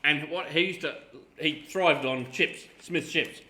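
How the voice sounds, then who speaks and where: Australian male co-host, high-ish voice, crude, playful chat. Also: measured pace, roomy sound. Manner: animated, sweary banter. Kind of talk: casual chat.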